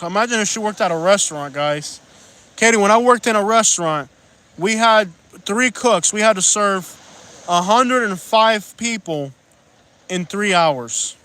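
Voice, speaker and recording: A man's voice: sits high, expressive, unhurried, sharp tone. A man live-streaming outdoors on a beach at sunset, rambling and joking in casual chat and reading out viewer comments.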